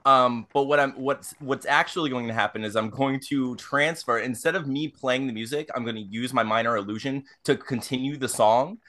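A man's voice: mid-range voice, normal speed, few pauses, sharp tone. A man playing in a tabletop game, talking through his character's actions hesitantly and thinking aloud. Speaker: player.

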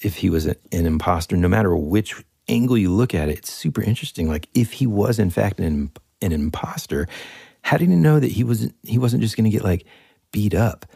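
A young man co-hosting a casual podcast chat, rambling and animated, with lots of fillers. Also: on the low side, a little fast, vocal fry, breathy edge, no echo, studio quality. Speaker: podcast co-host.

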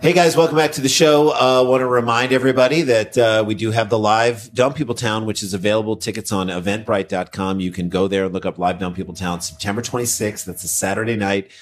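A man's voice: steady tone, fast talker, hardly any pauses. A man co-hosting a comedy podcast, reading out news with wry, sarcastic asides. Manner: wry, sarcastic, breaks into mocking high-pitched impressions. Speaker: podcast co-host. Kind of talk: casual comedic chat.

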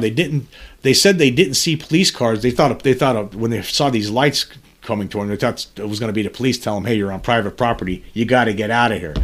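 A man hosting a podcast, reading news articles aloud and adding earnest, somber commentary between the passages. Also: medium pitch. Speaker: podcast host.

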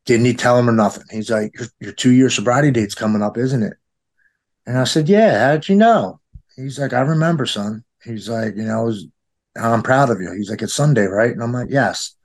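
A man's voice: medium pitch, a little fast. A man in his forties telling a heartfelt story in casual conversation, acting out the people he quotes with a raised voice. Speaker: guest in recovery.

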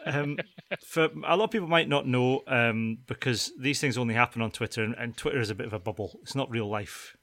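Male podcast host, bright forceful voice, casual and rambling, dry close mic. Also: medium pitch, fairly quick, hardly any pauses, no room sound. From Scotland. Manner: chatty, laughing, many fillers and restarts. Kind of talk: casual chat.

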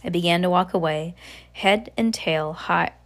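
A woman reading a novel aloud in a steady voice, now and then slipping and correcting herself. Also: lowish voice, unhurried. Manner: steady reading with occasional slips and self-corrections. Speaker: audiobook reader.

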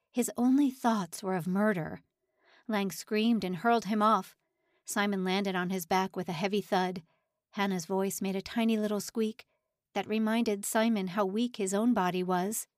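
A woman reading a dramatic story aloud as an audiobook narrator, with an expressive delivery. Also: medium pitch, dry recording, clean studio sound.

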